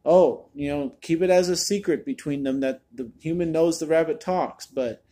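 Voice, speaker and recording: A man talks through a movie review in a loose, chatty way, sounding exasperated and often repeating a word as he restarts a sentence. His voice sits a little on the high side, with a mellow, soft-edged tone. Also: normal speed. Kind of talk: casual spoken review.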